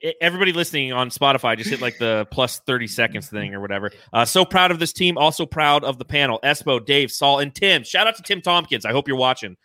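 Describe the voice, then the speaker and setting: A man's voice: medium pitch, animated, fast, few pauses, bright, forceful tone, dry recording, clean studio sound. An American man in his thirties hosting a fan podcast livestream, emotional and swearing freely as he reads out donations. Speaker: podcast host. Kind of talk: excited casual livestream chat.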